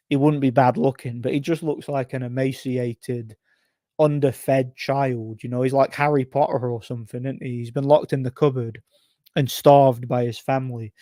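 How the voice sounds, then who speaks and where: A man's voice: medium pitch, warm tone, no echo, clean studio sound. A man hosting a casual live stream, rambling through chat comments, repeating himself and laughing at his own stories. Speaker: livestream host reading chat.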